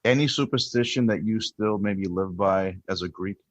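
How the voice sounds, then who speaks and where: A man's voice: fairly low pitch, normal speed, no room sound. A man co-hosting a podcast, asking guest questions in a friendly way with fillers. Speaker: podcast co-host. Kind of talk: casual podcast interview. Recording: dull lo-fi dry audio.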